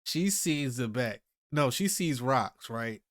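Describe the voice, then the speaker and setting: In a slow, expressive, mid-range voice, the male host of a comic reaction video reads the chapter aloud and reacts in a relaxed way. He frequently thinks out loud and restarts hesitantly, and the recording is dry and studio-clean.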